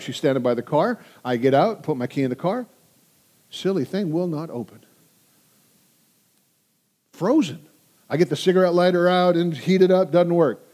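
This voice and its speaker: A man's voice: a little high, a little mellow. A man in his sixties preaching a sermon, telling stories energetically and engaging his audience. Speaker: pastor.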